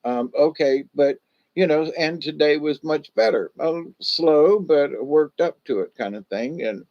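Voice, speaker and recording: A man's voice: fairly high pitch, measured pace, muffled recording. A man chatting casually on a livestream from home, rambling in a folksy, repetitive way and leaning on "you know". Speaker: livestream host.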